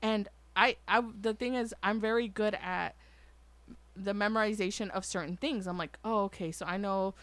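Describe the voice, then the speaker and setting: A woman's voice: mid-range voice, normal speed, no echo. A woman chatting casually on a podcast, telling school stories and acting out other people's lines. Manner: animated, acts out quoted voices, swears casually. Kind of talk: casual storytelling chat.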